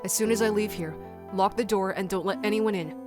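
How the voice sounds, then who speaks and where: A woman reading the lines of a world-weary male detective in a lowered, deadpan voice, over game music. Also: brisk, natural voice. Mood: protective. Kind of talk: reading game dialogue aloud.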